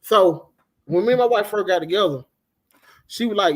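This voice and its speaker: A middle-aged man co-hosting a casual chat, telling animated, profane stories and acting out the people he quotes. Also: high voice, normal speed. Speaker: co-host.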